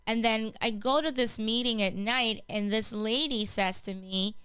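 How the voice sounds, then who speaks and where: A woman's voice: on the high side, a little slow, few pauses, pushed and bright, clean tone, no room sound. A woman hosting a faith talk show, earnestly sharing a personal testimony and often repeating and restarting her words. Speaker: host.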